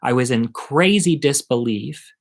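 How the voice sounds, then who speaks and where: A middle-aged man telling a personal story at home in a chatty, animated, self-mocking way. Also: medium pitch, unhurried. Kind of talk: casual storytelling monologue.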